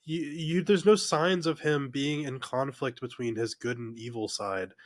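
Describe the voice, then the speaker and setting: A man's voice: mid-range voice, measured pace, dry recording, studio quality. A man co-hosting a podcast, arguing his point in casual chat with a contrarian manner. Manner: argumentative, contrarian. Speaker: podcast co-host.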